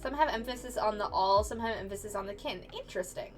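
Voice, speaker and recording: An American woman, a young adult, streaming as a digital artist and chatting casually with viewers, playful and quick to laugh, often restarting her sentences. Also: mid-range voice, soft background music. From United States.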